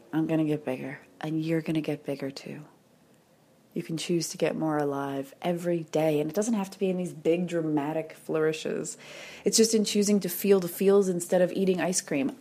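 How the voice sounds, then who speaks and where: A woman hosting a weekly podcast, speaking softly and intimately in a reflective monologue, at times sinking to a whisper and near tears. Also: sits low, moderate pace. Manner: soft, intimate, drops into whispers when moved. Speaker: podcast host.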